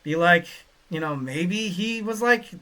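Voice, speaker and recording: Male podcast host, fairly high voice, bright and forceful, casual, rambling, excitable. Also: unhurried. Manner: rambling, filler-heavy, excitable. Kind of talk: casual solo wrestling podcast.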